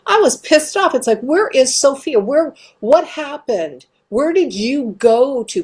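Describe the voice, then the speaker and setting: A woman's voice: medium pitch, darkish tone. A woman hosting a channel, talking casually on her own and reading quoted replies aloud with animation. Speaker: host. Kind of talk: casual monologue.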